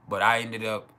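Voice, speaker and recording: Host telling raw stories on a live stream, slightly low and bright, faint room noise. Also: male voice. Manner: crude, laughing often, acts out quoted voices. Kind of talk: casual storytelling. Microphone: home livestream mic.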